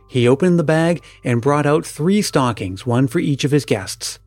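Male storyteller, measured and calm, dry close recording. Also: fairly high pitch, no echo, faint music behind. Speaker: story reader. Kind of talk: storybook narration.

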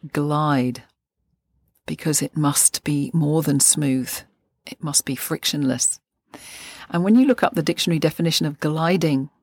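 An older woman in a measured, thoughtful way, explaining fascia and anatomy on a podcast. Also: low-pitched, gravelly, no echo, studio quality. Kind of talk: podcast lesson.

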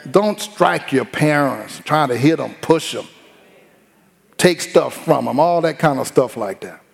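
Preacher with a drawl in a reverberant sanctuary. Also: male voice, on the high side, animated, measured pace, gravelly. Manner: folksy, humorous storytelling with acted-out quotes. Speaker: pastor. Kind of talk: sermon. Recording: long hall reverb.

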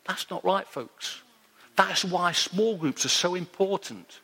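A man's voice: sits high, takes it slowly, creaky, sharp tone, breathy edge, big-room sound. A man pastor preaching a sermon, telling stories earnestly and repeating his key point.

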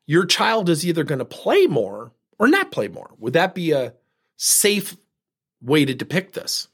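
A man's voice: fairly high pitch, huge pitch swings, unhurried, husky. A middle-aged man, a leadership speaker, telling a coaching story and acting out both sides of the conversation.

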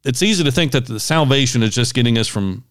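A man hosting a podcast, explaining scripture in a measured, teaching way. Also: mid-range voice, expressive, no room sound, studio quality. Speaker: podcast host, Bible teacher. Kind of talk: casual podcast chat with Bible teaching.

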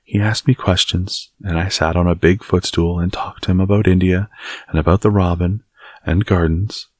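A man's voice: low-pitched, steady tone, normal speed, dry recording, clean studio sound, pitched above the performer's own voice. A man voicing a blunt, curious little girl in a storybook reading. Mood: matter-of-fact.

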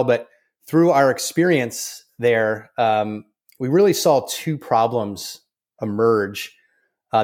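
Guy guest on an interview, chatty, lots of uhs and ums. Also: mid-range voice. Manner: relaxed, many fillers and restarts. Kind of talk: conversational interview.

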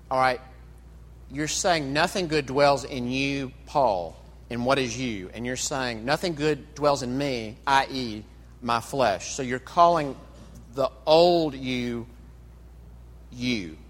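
A male pastor preaching a conversational sermon, full of rhetorical questions and quick restarts. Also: medium pitch. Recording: echoey hall with long reverb.

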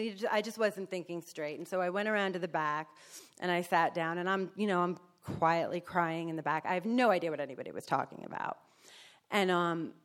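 A woman giving a candid, emotional personal testimony, speaking frankly with blunt swearing and acting out the people in her story. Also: fairly low pitch. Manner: animated storyteller who acts out other people.

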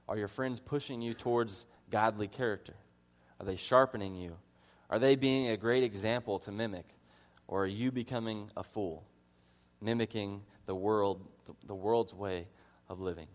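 A man preaching a conversational sermon as a pastor, earnest in his teaching and mixing in humorous personal asides. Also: fairly low pitch. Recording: long reverb of a large hall.

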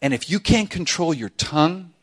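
A middle-aged man preaching a sermon to a church congregation, humorous and animated, acting out quoted voices. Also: fairly high pitch, moderate pace, slightly rough. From South Florida. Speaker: pastor.

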